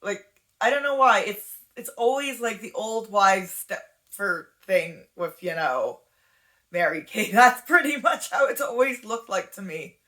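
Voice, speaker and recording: A woman's voice: medium pitch, lively intonation, a little slow, fairly bright tone. A woman giving candid, casual reaction commentary, chatty and wry. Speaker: commentary YouTuber.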